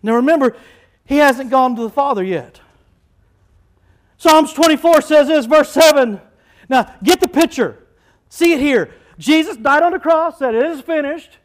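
A male pastor preaching a lively sermon, rising to shouts as he quotes scripture. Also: very high voice, a little slow, long pauses, low-quality recording.

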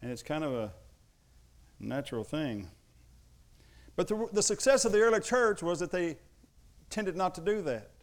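A man's voice: high voice, big pitch swings, moderate pace. A man preaching a sermon, telling personal stories and acting out the voices of his family. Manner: storytelling, acts out voices of family members. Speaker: pastor.

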